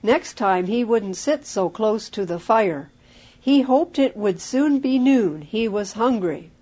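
Woman, storybook narrator, measured reading, somewhat high voice. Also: expressive, warm tone, slightly rough. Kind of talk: storybook read-aloud.

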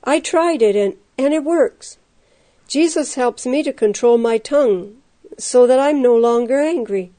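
A woman voicing a soft-spoken male prisoner who answers quietly and earnestly. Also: high voice, a little slow. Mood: calm.

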